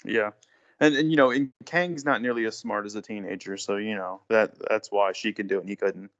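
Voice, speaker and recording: A man's voice: on the low side, fairly even intonation, brisk, fairly bright tone, dull audio. A man guest on a casual podcast movie review, laid-back and wry, joking about the film.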